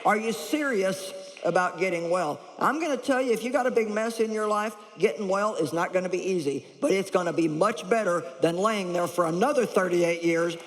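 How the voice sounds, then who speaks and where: A woman preaching a lively sermon, blunt and humorous, chuckling as she teaches. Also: medium pitch, a little fast, few pauses, a little hiss or hum. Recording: echoey large hall.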